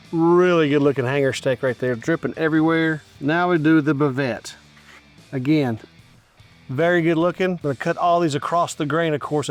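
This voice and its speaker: A middle-aged man hosting a barbecue cooking show outdoors at a grill, chatting enthusiastically and straight to his viewers as he tastes. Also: a little high. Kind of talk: casual cooking and tasting commentary.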